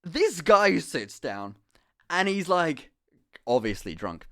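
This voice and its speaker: A man's voice: fairly high pitch, takes it slowly. Young man telling a rambling story. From England. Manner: animated, swears, rambling with restarts and asides. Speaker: streamer. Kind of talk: casual storytelling to a live chat.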